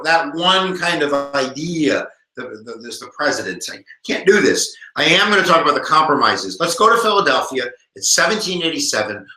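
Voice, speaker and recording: A lively American man in his forties runs a live history review stream, his voice bright and bouncing up and down in pitch. He jokes and talks straight to his viewers, and the room behind him rings with echo. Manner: animated, jokey, talks to viewers. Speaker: history teacher.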